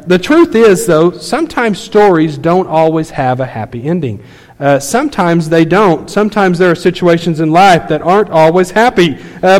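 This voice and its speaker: A man in his thirties preaching a sermon, telling a family story in a conversational way with many fillers. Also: sits high. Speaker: pastor. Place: church sanctuary. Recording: long hall reverb.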